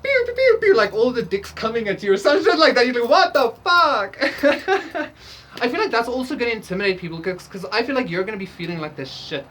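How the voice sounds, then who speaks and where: Low-voiced woman rambling through a tarot reading. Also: a little hiss or hum. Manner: rambling, profane, lots of fillers, laughs often. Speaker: tarot reader. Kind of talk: casual pick-a-card tarot reading.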